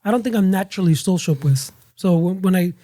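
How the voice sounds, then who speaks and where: A man's voice: high voice, fast, mellow. A laid-back man in casual podcast chat, swearing and switching into Spanish. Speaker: podcast co-host.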